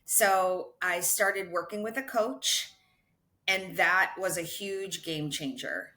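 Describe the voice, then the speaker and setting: A middle-aged woman with a bright, forceful tone and a slightly low voice tells her story as a podcast guest. She talks casually and is quick to laugh. She often breaks off and restarts her sentences. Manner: animated, quick to laugh, self-correcting restarts. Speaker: podcast guest, ultra runner.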